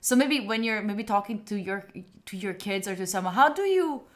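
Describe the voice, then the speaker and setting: A woman's voice: mid-range voice, animated, fairly quick. A woman host with an Italian accent, curious and asking questions in casual chat. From Italy.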